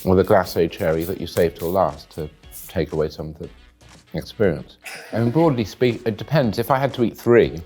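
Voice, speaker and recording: A man giving deadpan, dry, wordy commentary while tasting food in a studio. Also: sits low, fairly quick, soft background music. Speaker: guest taste-testing food.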